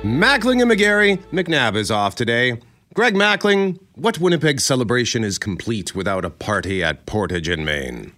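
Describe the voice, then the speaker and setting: A man co-hosting a morning radio show, telling stories animatedly and still a little hoarse from a cold. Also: lowish voice, normal speed, faint music behind. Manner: animated storytelling, acts out quoted voices. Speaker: radio co-host. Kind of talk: casual radio chat. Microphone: studio microphone.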